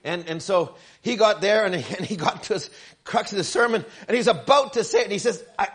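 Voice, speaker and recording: A male pastor preaching a sermon, stammering through restarts and building to shouted emphasis. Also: high voice, fairly quick, breathy edge.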